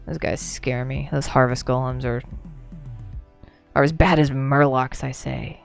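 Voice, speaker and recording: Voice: mid-range voice, fairly even intonation, unhurried, vocal fry, soft background music. A game streamer chatting casually through a livestream, rambling, laughing and answering chat, a few drinks in.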